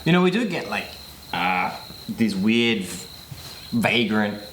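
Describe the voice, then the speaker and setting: Young man, podcast co-host, giggly, rambling, animated pitch, roomy echo. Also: takes it slowly. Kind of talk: casual chat. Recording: roomy echo, faint insect noise.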